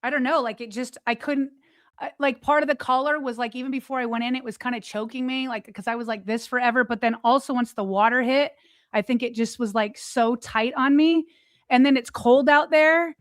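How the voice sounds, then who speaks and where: A woman's voice: fairly high pitch, brisk, no echo. A woman co-hosting a podcast, retelling a personal story in a loose chat full of fillers and quoted thoughts. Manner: animated retelling, many "like" fillers.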